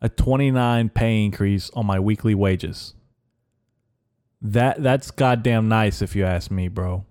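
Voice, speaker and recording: A man hosting a podcast in a rambling, deadpan comedic monologue, halting with fillers. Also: lowish voice. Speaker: podcast host.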